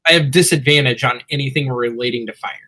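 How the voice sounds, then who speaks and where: Tabletop player, chatty, husky, reads rules aloud. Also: mid-range voice, fast talker, sharp tone. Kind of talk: casual tabletop play.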